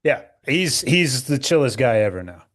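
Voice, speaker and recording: A man co-hosting a podcast over a remote call, chatting in a relaxed, rambling, sweary way. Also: mid-range voice, moderate pace, dry recording, clean studio sound. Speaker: podcast co-host. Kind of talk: casual chat.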